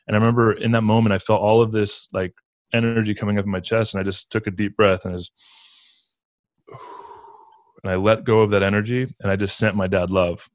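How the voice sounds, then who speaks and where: A man speaks in a low, fairly flat voice, earnest and reflective, with plenty of "like" fillers. The recording is dry and close, with no room sound. He sounds like a podcast guest in a casual spiritual conversation. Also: brisk, no echo.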